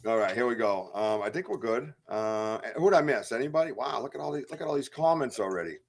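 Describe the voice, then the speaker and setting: A man's voice: mid-range voice, lively intonation, fast, vocal fry. A man hosting a casual livestream podcast, hyper and joking as he reads out chat comments. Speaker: podcast host.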